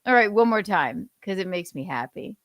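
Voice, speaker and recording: Animated, swearing woman podcast host. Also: medium pitch, normal speed, no room sound. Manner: animated, profane, playful. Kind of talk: casual chat.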